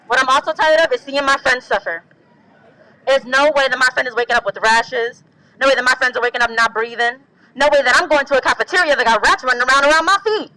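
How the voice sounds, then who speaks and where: Young woman student, bright, high voice, emphatic protest speech at an outdoor rally. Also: poor audio. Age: young adult.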